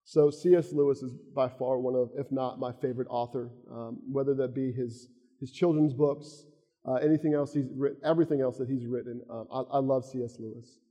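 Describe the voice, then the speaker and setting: A man's voice: medium pitch, fairly even intonation, fairly quick, mellow, big-room sound. A man with a Southern US accent preaching a sermon, earnest and a bit rambling.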